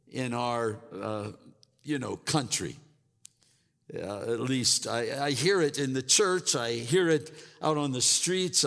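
A man's voice: medium pitch, vocal fry, fairly bright tone, big-room sound. A man preaching a sermon as pastor, often repeating words and stumbling into restarts as he builds his point. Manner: repeats words, mimics grumbling churchgoers.

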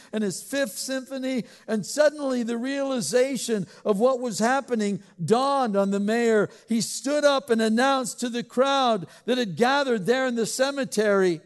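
High-voiced male pastor in echoing hall. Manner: conversational, joking, asks the congregation questions. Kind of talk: sermon.

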